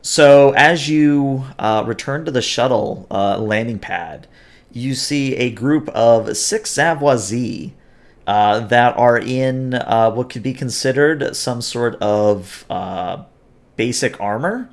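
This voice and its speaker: A man's voice: mid-range voice, takes it slowly. A man narrating as game master, hesitant and full of filler sounds.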